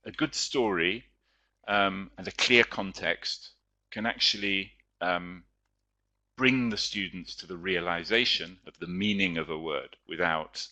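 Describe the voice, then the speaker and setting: Low, bright and forceful, this man's voice carries a webinar lecture. He's a teacher with a chatty, explanatory style who frequently stops on filler words.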